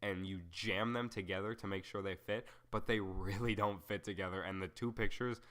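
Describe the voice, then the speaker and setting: In a lowish, fairly bright voice with fairly even intonation and normal speed, a young podcast host chats on his own. He meanders casually, fills gaps with ums and likes, chases tangents, and teases himself.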